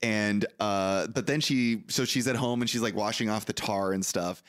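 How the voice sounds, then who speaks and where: A man's voice: lowish voice, normal speed. A man co-hosting a podcast, casually recapping a movie plot with an easygoing manner and frequent laughs. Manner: easygoing, laughs often, narrates plot steadily. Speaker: podcast co-host.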